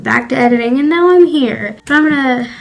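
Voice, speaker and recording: A woman's voice: high voice, vocal fry, soft background music, poor audio. Choked-up teenage girl venting. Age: teens. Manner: halting, self-correcting, apologetic. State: choked up after crying. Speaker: vlogger. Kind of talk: confessional vlog talk.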